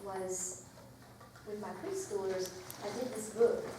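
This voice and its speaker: A woman teacher leading a workshop, chatting lively and reading a picture book aloud to a group. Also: medium pitch, takes it slowly. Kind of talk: classroom workshop talk. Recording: echoey room from far off with noise.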